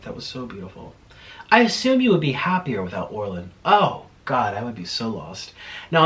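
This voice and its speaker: Animated young man chatting while eating. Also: medium pitch. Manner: animated, chatty, gets heated and swears. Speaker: mukbang vlogger. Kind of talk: casual chat while eating.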